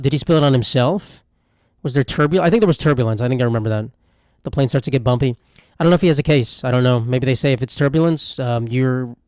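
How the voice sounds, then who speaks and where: Recorded dry on a close mic with no trace of the room, a young male podcast host talks his way through a solo comedy episode at mid pitch. He is irreverent and pokes fun at himself, often trailing off into mumbled asides, and his voice has a slightly mellow quality.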